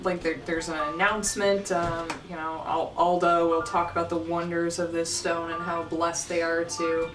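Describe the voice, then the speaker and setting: A woman's voice: on the low side, little pitch movement, moderate pace, few pauses. A woman running a tabletop game as dungeon master, narrating easily with fillers. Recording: echoey room, far mic, music behind.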